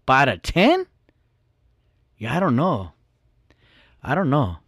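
A man's voice: medium pitch, huge pitch swings, slow, a bit bright, breathy edge, no echo, clean studio sound. A young man telling a profane, boastful story in casual podcast talk.

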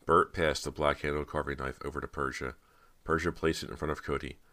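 A man narrating an audiobook in a steady storytelling manner. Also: a bass voice, a little fast, no room sound.

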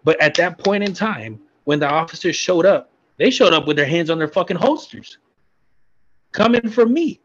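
A man's voice: high-pitched, animated, normal speed, slight background noise. A man in casual chat telling a blunt, profane story from his army days. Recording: dull lo-fi sound.

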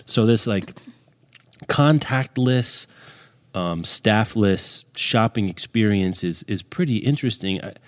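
A man co-hosting a podcast in casual chat, joking and rambling with quick restarts. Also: on the low side, lively intonation. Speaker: podcast co-host.

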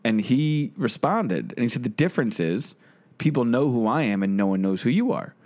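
A man's voice: medium pitch, moderate pace. A podcast host telling a story in a casual chat. He swears freely and acts out the lines he quotes. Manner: animated, swearing, acting out quotes.

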